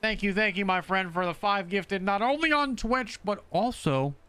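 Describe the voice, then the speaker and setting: A man streaming a video game live, chatting casually and excitably shouting thanks to his supporters. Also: high voice, moderate pace, background noise.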